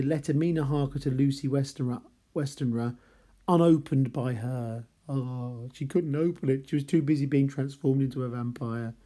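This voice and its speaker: A man's voice: medium pitch, mellow. A man teaching a chapter-by-chapter novel analysis in a casual, rambling way, correcting himself and apologising for slips. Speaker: literature teacher.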